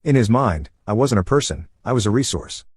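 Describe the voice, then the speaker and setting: Low husky male story narrator. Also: animated, fairly quick, a little mellow, no room sound, studio quality. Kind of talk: first-person story narration over gameplay.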